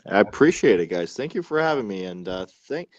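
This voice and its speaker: Canadian guy guest, low voice, halting and casual, dry sound. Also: lively intonation, no room sound, highs cut off. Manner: halting, many uh fillers and restarts. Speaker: guest wrestler. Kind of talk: casual interview chat.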